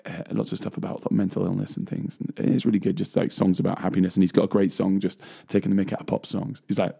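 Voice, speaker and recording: Gravelly guy with a low mellow voice, rambling radio chat, laughs a lot. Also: little pitch movement, quick pace, few pauses. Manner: rambling, laughs often, trails off with fillers. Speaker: co-host, bass player. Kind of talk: casual chat. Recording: radio show studio mic.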